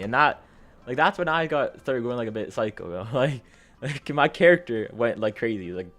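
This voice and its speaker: A man's voice: medium pitch, fairly quick. A young man telling a gaming story in a casual, rambling way, full of slang, swearing and fillers, his energy rising and falling. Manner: animated, jumps up and down in energy.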